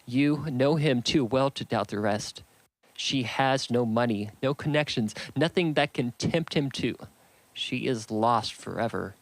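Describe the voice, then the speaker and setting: A man reading as a distressed young gentlewoman. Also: mid-range voice, unhurried, dry recording, natural voice, poor audio. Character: distressed young woman, genteel heroine. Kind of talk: audiobook character reading.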